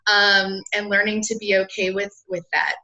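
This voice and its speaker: A woman with a South Carolina Southern accent chats as a podcast guest. Her voice is bright and clear, and she laughs often and tosses in quick asides. She sounds lively and open. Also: medium pitch, lo-fi sound. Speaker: guest, lawyer and blogger. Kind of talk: casual podcast interview.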